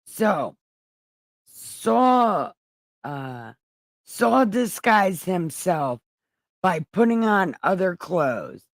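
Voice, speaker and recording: A woman's voice: on the low side, very animated, extremely slow, long pauses, no echo. A woman hosting a livestream, retelling scripture in a profane, slangy way. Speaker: livestream host.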